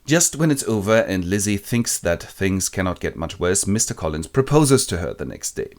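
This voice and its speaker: A man retelling a classic novel as a quick comic summary, casual and irreverent. His pitch swings widely, animated from phrase to phrase. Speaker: narrator.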